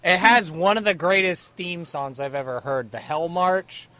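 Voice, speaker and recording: A man's voice: a little high, moderate pace, pushed and bright. A man hosting a podcast, chatting casually and reminiscing with enthusiasm. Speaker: podcast host. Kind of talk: casual chat.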